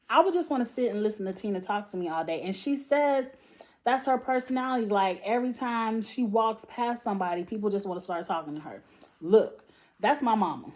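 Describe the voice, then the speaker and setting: A woman vlogger, chatting casually and giving her opinions on a reality show cast. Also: mid-range voice. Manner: chatty and opinionated, with lively asides. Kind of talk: casual chat.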